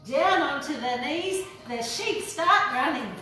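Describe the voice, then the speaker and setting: A woman's voice: high-pitched, animated, slow, pushed and bright. Playful woman leading kids' yoga. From Australia. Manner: playful, encouraging, makes animal noises. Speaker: children's yoga instructor. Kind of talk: guided kids' yoga class. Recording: echoey room, distant mic, music behind.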